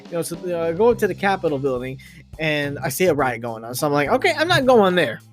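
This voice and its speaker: A man's voice: a little high, fast talker, faint music behind. A man hosting a podcast, telling an improvised story in a rambling, self-amused way with many restarts. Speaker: podcast host.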